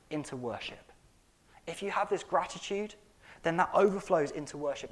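A man preaching a sermon as pastor, emphatic, swinging between loud and soft and putting rhetorical questions to the congregation. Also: on the high side.

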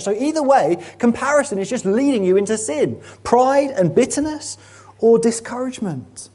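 Husky-voiced preacher. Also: mid-range voice, expressive, brisk, a little mellow. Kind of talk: sermon. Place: church meeting room.

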